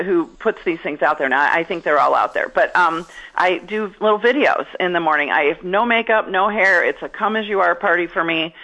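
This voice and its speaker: In a relaxed interview, a middle-aged female stand-up comic rambles, mocks herself, and keeps starting over. Her lowish voice comes across pushed and bright, though the audio quality is poor.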